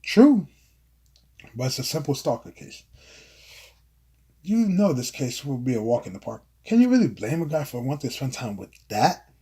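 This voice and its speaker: A self-assured young detective who brushes off his partner's objections. A man reads him aloud, giving him a breezy, confident delivery in a slightly raspy voice. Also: medium pitch, sing-song, moderate pace, warm tone.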